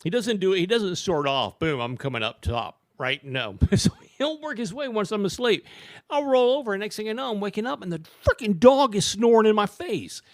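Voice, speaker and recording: Animated storytelling man, dry studio mic. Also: a little fast, no room sound. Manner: animated, swings into loud high-pitched quoted voices. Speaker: podcast host. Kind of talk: casual storytelling chat.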